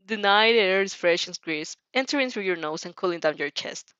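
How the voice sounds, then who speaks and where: A woman's voice: mid-range voice, animated, moderate pace, hardly any pauses, sharp tone, clean tone, no echo, lo-fi sound. A woman reading a fanfic aloud as narrator, with small slips and self-corrections.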